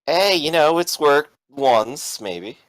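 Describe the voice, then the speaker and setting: A man's voice: fairly high pitch, animated, slow pace, no echo, pitched above the performer's own voice, low-quality recording. A man doing a nervous, cocky young thug.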